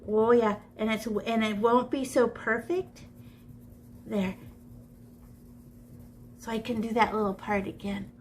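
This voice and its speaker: Woman art teacher, kinda high voice, chatty and jokey, thinks out loud while drawing, little bit of hiss. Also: fairly even intonation, slow pace, pauses often. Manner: chatty, playful, talks to herself while drawing. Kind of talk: live drawing lesson demonstration. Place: classroom.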